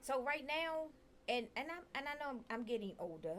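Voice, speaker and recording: Relaxed woman guest. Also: high-pitched, a little fast, slight background noise. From Baltimore. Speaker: guest musician. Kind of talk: casual interview chat.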